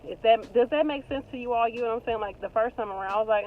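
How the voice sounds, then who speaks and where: Chatty high-voiced woman vlogging. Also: fast talker, few pauses, narrow, tinny audio, slight background noise. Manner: chatty, animated, slangy and heartfelt. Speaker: nurse vlogger. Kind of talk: casual vlog talk to viewers.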